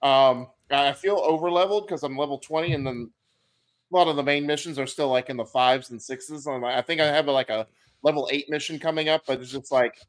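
A man co-hosting a casual gaming podcast, chatting in an animated, joking way. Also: mid-range voice. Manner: animated and joking, quick to laugh. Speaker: podcast co-host.

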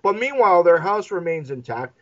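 Male podcast co-host, fairly high voice, lively retelling of film scenes with put-on voices, muffled lo-fi audio. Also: a little fast. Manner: animated, acts out characters in quoted voices, swears freely. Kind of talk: casual movie discussion.

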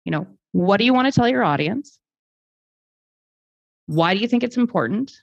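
A woman's voice: mid-range voice, lively intonation, normal speed, creaky, no echo. A woman talking thoughtfully in a podcast conversation, explaining her ideas with restarts and fillers. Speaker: guest speaker. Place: lives in Germany. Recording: dull lo-fi sound, dry.

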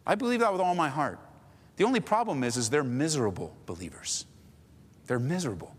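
A man's voice: on the high side, sing-song, a little fast, breathy edge, big-room sound. A man preaching a sermon in a conversational way, acting out little scenes as he goes. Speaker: pastor.

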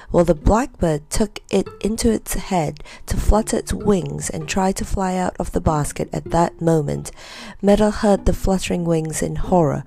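A woman reads a children's storybook aloud in a gentle, measured way. Her voice sits fairly low, with a gravelly rasp at the edges of her phrases. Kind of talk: storybook reading.

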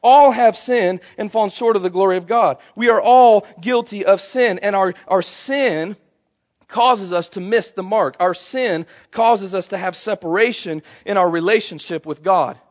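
A man's voice: high voice, moderate pace, highs cut off. A man preaching a sermon to a congregation, talking conversationally and calling for responses from the room. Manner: conversational, calls for audience response. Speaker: pastor. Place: church service before a congregation.

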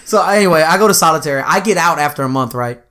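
Bright-voiced man telling a wild story. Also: fairly high pitch, fast. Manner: animated, profane, laughs often. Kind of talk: casual storytelling chat.

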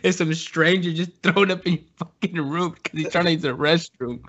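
A man's voice: fairly high pitch, moderate pace, muffled recording. A young man casually telling a story with lots of swearing, acting out what people said. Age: young adult. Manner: animated, profane, laughing, acts out voices.

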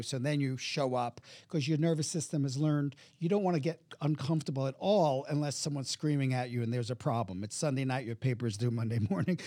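A man's voice: mid-range voice, mellow, dry recording. A man, a hypnotherapist guest in an interview, explaining his ideas and acting out voices in his anecdotes. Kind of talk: interview conversation.

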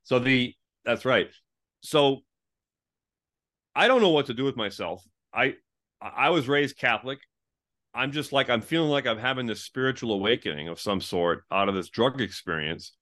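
A man in his fifties telling his life story as an interview guest, animated and conversational, often saying "like" and acting out what people said. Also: medium pitch, normal speed. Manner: animated, fills with "like", acts out quoted people in a raised voice. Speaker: interview guest, former pastor.

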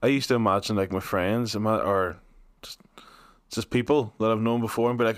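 A man's voice: lowish voice, steady tone, fairly quick, no room sound, studio quality. A young man with a Northern Irish accent, co-hosting a podcast in playful casual chat. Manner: playful, jumps into silly voices. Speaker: podcast co-host.

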